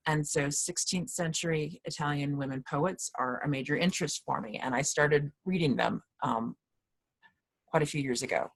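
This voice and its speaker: Low-voiced woman giving a rambling lecture. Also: moderate pace. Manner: rambling, many fillers and restarts. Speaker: teacher of a class on poetry. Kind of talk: casual lecture.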